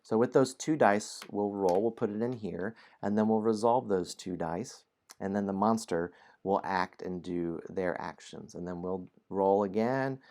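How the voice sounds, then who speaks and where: A man hosting a game stream, reading the adventure story aloud and walking through the rules in a relaxed, musing way. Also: fairly low pitch, measured pace.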